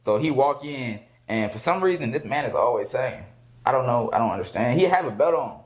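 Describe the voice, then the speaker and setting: A man guest telling a story in a relaxed, animated way, often laughing and acting out the voices of the people he quotes. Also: mid-range voice, brisk, rough recording. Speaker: rapper guest. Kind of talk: casual storytelling.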